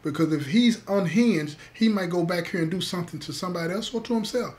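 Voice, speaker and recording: Talking fast in a high voice, a man spins a story for an audience, hammering key words with emphasis and calling everyone "y'all."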